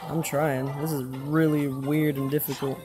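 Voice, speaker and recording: A young man giving casual, excitable commentary while playing a mobile game, swearing now and then and saying "dude" a lot. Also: a little high, moderate pace. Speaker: gaming channel host. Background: game music.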